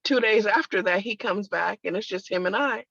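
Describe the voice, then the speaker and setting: A woman's voice: mid-range voice, normal speed, vocal fry, a bit bright, dry recording. A woman sharing a personal testimony in conversation, telling it emphatically with religious exclamations. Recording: dull lo-fi, dry sound.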